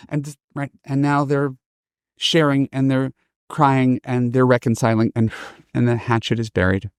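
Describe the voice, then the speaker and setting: A middle-aged man hosting a podcast, telling stories and giving advice in a lively, casual way and acting out the people he quotes. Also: medium pitch, a little slow, clear, resonant tone, no room sound, studio quality. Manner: animated, acts out quoted voices. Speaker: podcast host and dating coach. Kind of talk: casual storytelling advice talk.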